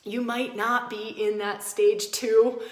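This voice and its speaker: A woman's voice: fairly high pitch, flat delivery, slow pace. Passionate, emphatic woman in an echoey room. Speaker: podcast host. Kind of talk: spiritual teaching talk.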